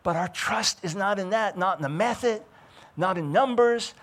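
An older man telling a personal story and preaching with animated emphasis. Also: high-pitched, normal speed. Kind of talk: testimony sermon.

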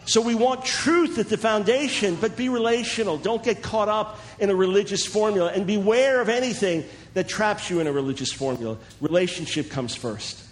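A man preaching in a sermon-style teaching talk, animated and chuckling, acting out the voices of the people he quotes. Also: high-pitched, fairly quick, few pauses.

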